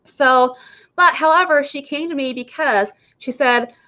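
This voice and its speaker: Woman, nurse health coach, casual chatty talk to viewers, higher voice, dull lo-fi sound. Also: a little slow, sharp tone. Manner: chatty, addresses viewers directly.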